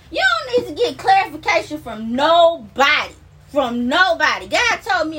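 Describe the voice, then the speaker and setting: A woman's voice: sits high, very animated, normal speed, sharp tone, far from the mic, a little hiss or hum. A woman fervently sharing a religious testimony while recording herself and pacing, repeating herself with bursts of exclamation. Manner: fervent and repetitive, with frequent exclamations and laughs. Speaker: self-described minister sharing a testimony. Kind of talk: emotional spoken testimony to viewers. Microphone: self-recording on a phone recorder.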